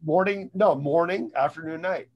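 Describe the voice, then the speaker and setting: A man's voice: fairly high pitch, normal speed, dull audio. A man who is a guest, giving casual advice on mindset, rambling and often repeating words and restarting sentences. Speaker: guest speaker on sales and mindset.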